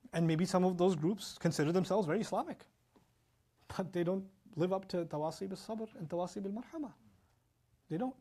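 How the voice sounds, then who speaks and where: Fast-talking man giving a Quran lecture. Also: high-pitched. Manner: animated, fast-talking, mixes in Arabic recitation. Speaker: Islamic teacher.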